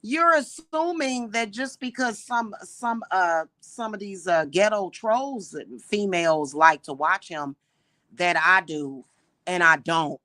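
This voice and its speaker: Slow, forceful, indignant woman host. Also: mid-range voice, no room sound. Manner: indignant, exasperated, rhetorical questions; repeats points slowly and emphatically. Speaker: livestream host. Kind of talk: livestream rant to viewers.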